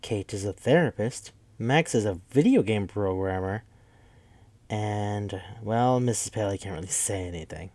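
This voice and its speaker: A man casually recapping a movie plot, rambling, swearing, and acting out the characters' lines in quick bursts. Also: fairly low pitch, animated, a little mellow, no echo. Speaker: podcast host.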